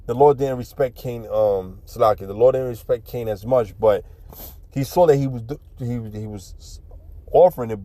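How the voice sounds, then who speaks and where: Man, Bible teacher, informal preaching, profane slang, repetitive, dark warm tone. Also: medium pitch, no echo. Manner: blunt, profane, streetwise, repeats himself; reads verses then explains in slang.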